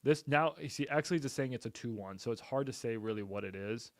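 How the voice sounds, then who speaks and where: Making cold calls on his live stream, a man who invests in real estate and streams talks a little fast in a medium-pitched voice. His casual commentary is blunt, upbeat and salesy, with swearing now and then. The recording is dry.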